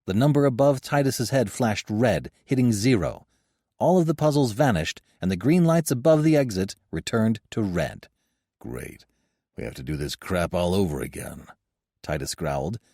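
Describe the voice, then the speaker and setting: A medium-pitched man narrates a science-fiction audiobook from a script, telling the story expressively. The studio recording is clean, with no room sound.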